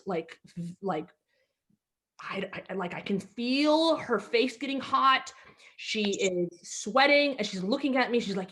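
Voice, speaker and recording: Between acts of her online comedy show, run over a video call, the Egyptian-born host spins rambling stories full of fillers and restarts. Her voice is a little high and fairly bright in tone.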